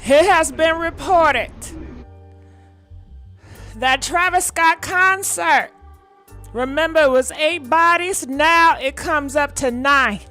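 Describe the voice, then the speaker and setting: A woman's voice: high voice, slow, pauses often, sharp tone, faint music behind. A woman hosting a casual livestream, chatting directly with her viewers as she comments. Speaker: livestream host.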